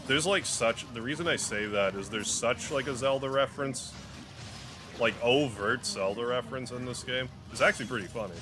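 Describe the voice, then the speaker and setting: A man's voice: medium pitch, moderate pace, over music. A man streaming a video game live, rambling and joking casually as he plays. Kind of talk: casual live gameplay commentary.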